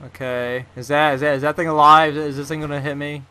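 A young man talks through his gameplay with a bright, forceful voice pitched a little high. His commentary rambles, full of "like" and sudden startled outbursts. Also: little pitch movement, brisk, clean tone. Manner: rambling, says "like" constantly, jumpy startled outbursts. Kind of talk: casual let's-play commentary.

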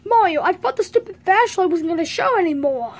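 Casting: a woman doing a fretful plumber brother, high voice, for a homemade toy video. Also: animated, a little fast. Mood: upset. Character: anxious adult male plumber, the hero's brother.

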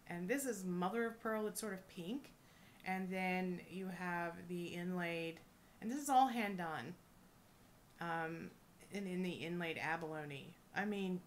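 A woman reselling jewelry, chatting casually and gushing with excitement as she unboxes a thrift lot. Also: on the low side, slight background noise. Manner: gushing, excitable, lots of oohs and little laughs.

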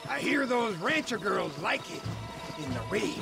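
A man's voice: sits high, very animated, moderate pace, vocal fry, music in the background, full character voice. An actor playing a crude male outlaw in a western video game, taunting with a leering manner.

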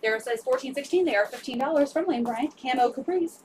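A woman's voice: high voice, fast talker, darkish tone, far from the mic, slight background noise. A woman selling secondhand clothes on a live stream, upbeat and repeating sizes, prices and item numbers. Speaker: resale live-stream seller. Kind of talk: live sales pitch.

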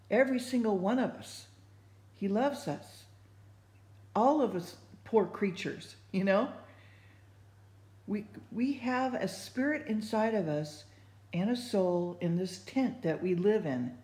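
A woman talks slowly about her faith in a loose, rambling way, restarting her sentences and dropping in lots of fillers. Her voice sits at a middle pitch. The room around her is echoey. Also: lively intonation, mellow. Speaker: speaker sharing faith thoughts. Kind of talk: casual spoken reflection.

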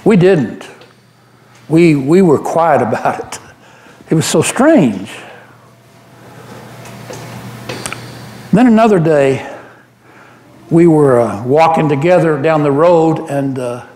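Guy doing peter the fisherman, earnest and devoted, high lively voice, takes it slow, echoey church. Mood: reverent. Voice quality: earnest, animated storyteller with frequent restarts. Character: apostle Peter, a rough, devoted fisherman retelling his memories. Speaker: church member giving a dramatic monologue. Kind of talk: first-person dramatic monologue in a worship service. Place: church sanctuary. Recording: roomy church echo.

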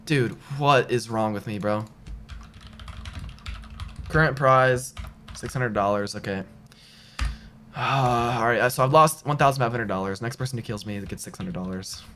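A man's voice: mid-range voice, moderate pace, long pauses, bright, forceful tone, slight background noise. A young man live-streaming a video game, talking to chat in a slangy way and repeating himself when frustrated.

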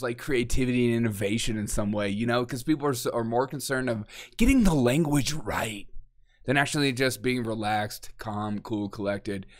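Mocking, exasperated male commentary host. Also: mid-range voice. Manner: mocking, exasperated, laughs often and acts out quotes. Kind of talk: casual opinion monologue.

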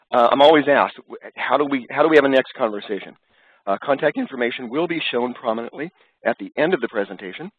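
A man's voice: medium pitch, expressive, fast talker, husky, no room sound. A man with a head cold presents a business webcast in an upbeat way, with many fillers. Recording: dry, tinny phone-line audio.

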